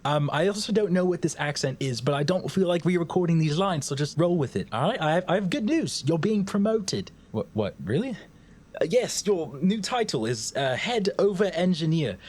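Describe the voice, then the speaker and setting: A man's voice: on the high side, big pitch swings, normal speed, darkish tone, pitched above the performer's own voice. A man voicing a smug, condescending male boss with an odd put-on accent. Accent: unplaced put-on accent. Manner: condescending, mock-grand.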